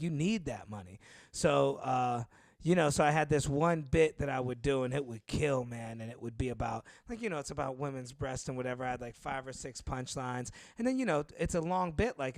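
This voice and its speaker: A man's voice: medium pitch, a little fast, no room sound. A man, a stand-up comedian hosting the show, chatting casually and backing his guest with short replies. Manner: chatty, backs the other speaker with short replies. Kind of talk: casual chat.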